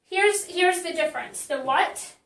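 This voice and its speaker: A woman's voice: very high-pitched, unhurried, a bit bright, echoey room, far from the mic, slight background noise, rough recording. A woman marketing coach teaching in a casual live stream, chatty and blunt, with many fillers and restarts.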